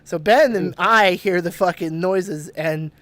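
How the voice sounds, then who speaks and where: A man's voice: high voice, measured pace, a bit bright, no room sound. A man hosting a podcast and telling a ghost story in casual chat, swearing a lot and restarting sentences. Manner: swearing, rambling with restarts and laughs. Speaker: podcast host.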